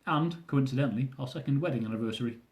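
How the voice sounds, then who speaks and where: A man's voice: mid-range voice, rapid-fire, a little mellow. A young man reading aloud from his own travel memoir, with dry, self-mocking humour.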